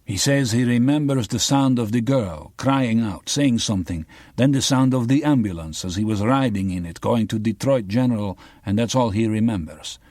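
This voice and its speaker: A man voicing a grave, solemn Albanian man who speaks in a measured way in an audiobook. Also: medium pitch, darkish tone, no room sound, studio quality, pitched above the performer's own voice, close to an everyday voice.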